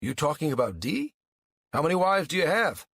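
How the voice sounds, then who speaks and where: A man's voice: a little high, sing-song, normal speed, vocal fry, a bit bright, dry recording, clean studio sound, pitched above the performer's own voice, exaggerated voice. A man narrating an audiobook voices an agitated middle-aged townsman, strained, raised and accusing. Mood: incredulous.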